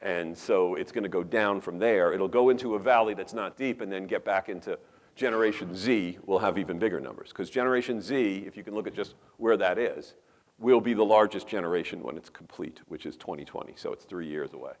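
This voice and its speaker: A man's voice: low-pitched, a little fast. Emphatic New York man lecturing. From New York metropolitan area. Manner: emphatic, rambling asides, rhetorical questions. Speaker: conference speaker. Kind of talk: lecture presentation. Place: conference hall.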